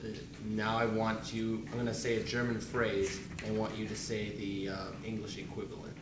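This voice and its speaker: A young man giving casual instructions in a halting way, with lots of ums and some quick bursts of speech. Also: on the low side, completely flat delivery. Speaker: student presenter. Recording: echoey room, distant mic, noise.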